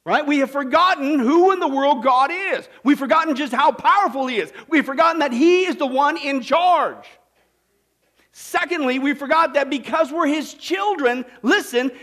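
A man preaching a sermon, animated and folksy, with acted-out voices and asides to the congregation. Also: extremely high pitch. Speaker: pastor.

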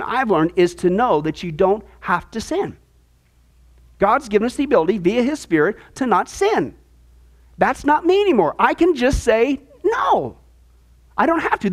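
A man teaching a discipleship class on the Bible, talking emphatically and checking in often with "okay?". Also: extremely high pitch.

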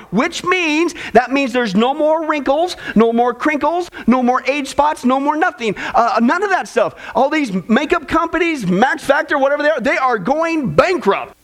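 A man preaching a sermon to a congregation, telling jokes and stories in an animated way. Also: very high-pitched, unhurried, hardly any pauses. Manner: animated, joking storyteller. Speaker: pastor. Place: church before a congregation.

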